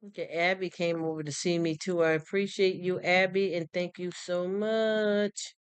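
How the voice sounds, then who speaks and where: A live streamer in casual chat who talks in a warm, rambling, heartfelt way with many restarts. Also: mid-range voice, fairly even intonation, normal speed, clean tone, no room sound. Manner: greets chat viewers by name and thanks them. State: choked up, near tears.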